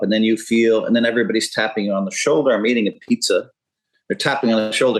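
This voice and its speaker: A man's voice: on the low side, fairly even intonation, fast talker, poor audio. A man in his fifties, a poker pro talking as a podcast guest, rambling and candid with frequent profanity. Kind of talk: casual interview talk.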